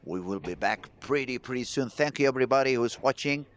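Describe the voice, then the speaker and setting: Excitable male bowling commentator. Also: mid-range voice, fairly quick, clean tone. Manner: chatty, excitable, reads chat messages aloud. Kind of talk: live sports commentary.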